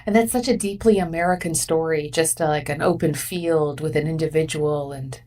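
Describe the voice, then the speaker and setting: A woman hosting an interview, enthusiastic and quick to laugh, with a loose, filler-filled way of talking. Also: low-pitched, a little mellow. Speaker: podcast host. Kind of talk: conversational interview. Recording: voice slightly far from the mic.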